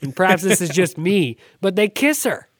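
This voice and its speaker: A podcast co-host with a middle-pitched voice talks through a play in a measured, analytical way. The delivery is discursive, with wry self-aware asides. The sound is dry and close, with no room echo. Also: very animated. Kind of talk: casual analytical chat.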